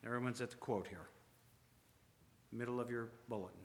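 A man preaching a sermon, asking the congregation rhetorical questions, rising to loud emphasis and then dropping to quiet asides. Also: mid-range voice, fairly even intonation, normal speed, long pauses. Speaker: pastor. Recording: long hall reverb.

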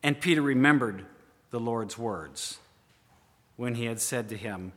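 A man's voice: medium pitch, measured pace, long pauses. Man preaching in a reverberant hall. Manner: dramatic, questions the listeners directly, swings from loud to hushed. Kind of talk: sermon.

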